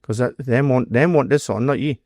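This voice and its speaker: A man's voice: medium pitch, brisk, darkish tone, dry recording, studio quality. A man with a Geordie accent, a former doorman telling stories in an interview in a blunt, sweary way, acting out what people said. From North East England. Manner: blunt storytelling, heavy swearing, acts out quoted dialogue. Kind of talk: casual interview storytelling.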